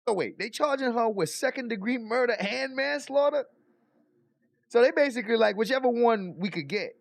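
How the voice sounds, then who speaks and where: High, gravelly-voiced excitable man. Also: moderate pace, no room sound. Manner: excitable, chatty, laughs often. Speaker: host reacting to trial footage. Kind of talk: casual reaction commentary.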